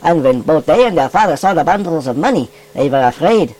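A man's voice: fairly high pitch, lively intonation, brisk, a little mellow, poor audio. A man voicing a cheerful, folksy furry animal rabbi who reads scripture aloud with emphatic, old-fashioned phrasing. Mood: storytelling. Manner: folksy, emphatic King James reading. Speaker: scripture reader. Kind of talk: puppet-style children's Bible reading.

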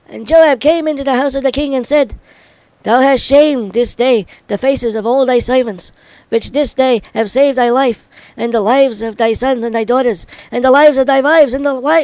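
A man reading an old-style scripture passage aloud in a solemn, measured way. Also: very high voice, a little mellow, clean tone, no echo, rough recording. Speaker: scripture reader.

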